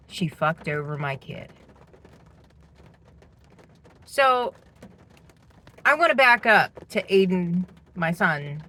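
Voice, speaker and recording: A woman's voice: fairly low pitch, a bit bright, a little hiss or hum. A middle-aged woman venting indignantly as she tells a personal story about her household. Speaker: parent telling a personal story. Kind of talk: personal vlog monologue.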